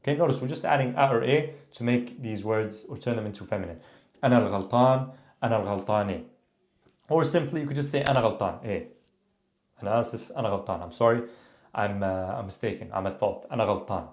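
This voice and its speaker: A man giving a language lesson, explaining phrases in a relaxed way and checking in often with the viewer. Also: on the low side, a little fast. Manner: relaxed explaining, repeating phrases, frequent "okay?" and "tamam?". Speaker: Arabic teacher. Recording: echoey room.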